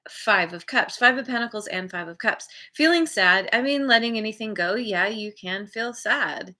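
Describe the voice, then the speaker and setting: Woman, tarot reader, casual chat, bright voice, laughs a lot, playful quoted voices. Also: mid-range voice, moderate pace. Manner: chatty, laughs often, acts out quoted reactions. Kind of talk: casual spoken tarot reading.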